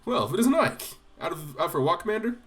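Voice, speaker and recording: A man voicing a boisterous, girl-crazy young knight, loud and teasing, reading game dialogue. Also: high-pitched, big pitch swings, quick pace, pitched above the performer's own voice. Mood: cheerful.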